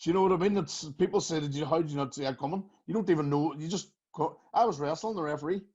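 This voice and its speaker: A Northern Irish podcast host talks rapid-fire in a fairly high, darkish voice with a breathy edge. He tells stories and laughs often in a casual chat, and the sound is muffled and lo-fi.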